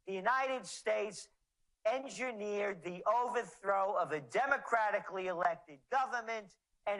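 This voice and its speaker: Slow, sarcastic man ranting. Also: high voice, fairly bright tone, poor audio. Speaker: guest. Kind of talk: interview.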